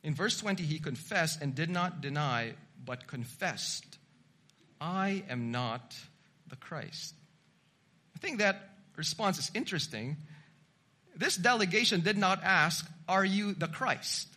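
A man preaching an expository sermon, teaching in a measured way and building to emphatic repetition. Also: high-pitched, animated, pushed and bright.

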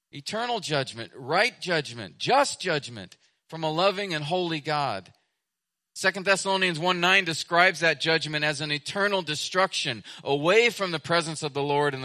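Man, pastor, sermon, emphatic, repeating phrases, loud then hushed, sharp bright tone, higher voice.

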